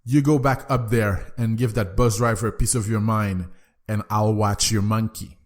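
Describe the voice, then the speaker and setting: A man's voice: lowish voice, steady tone, normal speed, slight background noise, natural voice. A man voicing a kindly older male bus passenger in a joke, sounding reassuring. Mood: encouraging.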